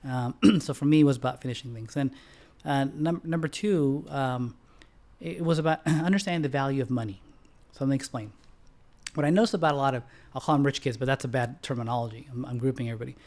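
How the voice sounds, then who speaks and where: A middle-aged man, a bank founder, talking on a podcast in casual, animated storytelling style. He clears his throat often and jumps into sharp, high-pitched outbursts when acting out quotes. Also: fast.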